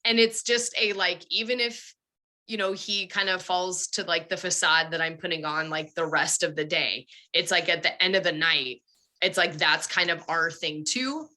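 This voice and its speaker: Bright-voiced chatty woman. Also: fairly low pitch, normal speed. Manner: animated, chatty storytelling. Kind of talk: casual podcast conversation.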